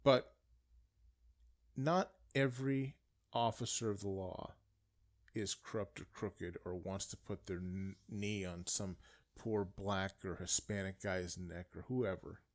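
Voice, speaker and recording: A man's voice: low-pitched, takes it slowly. Ranting man, indignant. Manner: indignant, swings from shouting to muttering. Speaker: political commentator. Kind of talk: ranting monologue.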